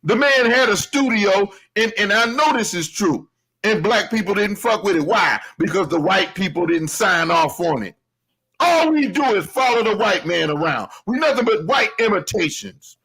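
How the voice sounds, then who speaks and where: A man's voice: high-pitched, animated, moderate pace, sharp tone, breathy edge, rough recording. A man hosting a show, delivering a heated, profane commentary rant with emphatic, laughing delivery.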